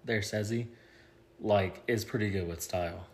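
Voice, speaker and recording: A man's voice: fairly low pitch, moderate pace, crowd noise. A man in a casual chat, laid-back and joking.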